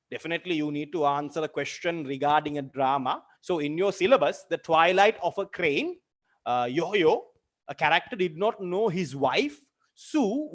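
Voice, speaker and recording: A man teaching a literature lesson, explaining terms and going over examples more than once. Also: fairly high pitch. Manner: explains with repeated examples, asks students direct questions. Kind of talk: online lecture.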